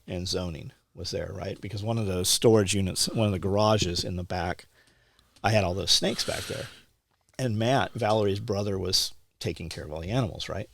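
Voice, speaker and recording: Male podcast guest, lowish voice, casual storyteller who swears freely and acts out dialogue, dry sound. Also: no echo. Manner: profane, animated, acts out quoted dialogue. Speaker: podcast guest telling war stories.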